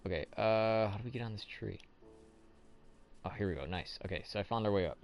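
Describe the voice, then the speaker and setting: A man's voice: on the low side, fairly quick, soft background music. A young man hosting a casual gameplay commentary, rambling and asking himself questions as he plays. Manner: rambling, thinks aloud, self-questioning. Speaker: let's play host.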